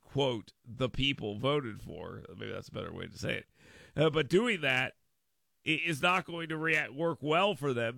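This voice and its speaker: Gravelly, bright-voiced radio host. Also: male voice, medium pitch, no echo. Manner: animated, acts out others' voices in quotes; self-correcting, repeats words as he goes. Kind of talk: political talk radio commentary.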